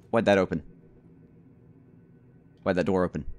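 A man giving let's play commentary on a horror game, rambling to himself with stammered restarts and sudden loud excited outbursts. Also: deep voice, slow. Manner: rambling nervous self-talk, repeated stammered restarts. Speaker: gamer playing a horror game.

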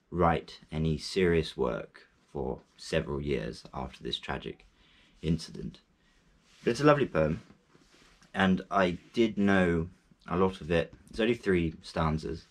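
Very low-voiced man, slow halting talk. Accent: English speaker's accent in French. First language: English. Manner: halting, many fillers and restarts. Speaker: language learner reciting poetry. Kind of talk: casual talk to camera.

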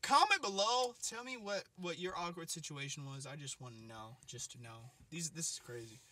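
A young man telling a comic story as a vlogger, animated and expressive, swinging between loud bursts and muttered asides. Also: a little high, moderate pace. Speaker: comedian vlogger.

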